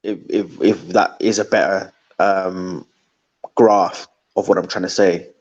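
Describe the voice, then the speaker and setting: A man's voice: deep voice, steady tone, measured pace, darkish tone, highs cut off. A young man as a podcast guest, joking and chatting casually with lots of slang and restarts.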